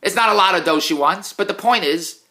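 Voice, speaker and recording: A middle-aged man in a casual, self-mocking rant, swinging between low mutters and loud outbursts. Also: brisk. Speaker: vlogger, TV producer. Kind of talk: casual ranting monologue.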